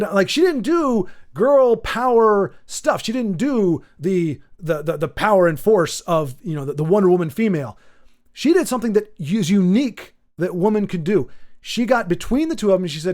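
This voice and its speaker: A man's voice: sits high, animated, normal speed, a little mellow. A man hosting his own channel, ranting off the cuff in a rambling way, full of restarts and fillers. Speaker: channel host. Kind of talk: off-the-cuff commentary rant.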